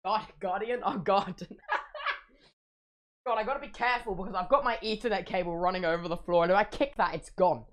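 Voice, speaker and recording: A man's voice: high-pitched, a little fast, a bit bright. A young man streaming, telling a playful, exaggerated story and slipping into silly voices.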